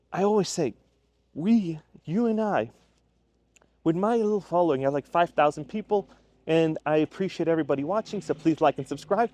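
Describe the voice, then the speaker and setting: A man's voice: on the high side, expressive, moderate pace, warm tone, no echo. Blunt, plain-spoken male career coach. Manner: blunt, plain-spoken, acts out quoted people; frequent fillers and restarts, conversational. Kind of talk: casual direct-to-camera monologue.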